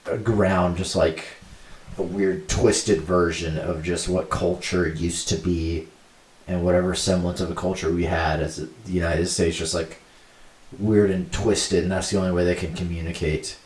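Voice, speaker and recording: Low-voiced rambling young man, off mic. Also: level tone, moderate pace, a little mellow, far from the mic. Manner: rambling, lots of fillers, laughs easily. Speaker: podcast co-host. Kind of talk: casual chat. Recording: roomy sound from off mic.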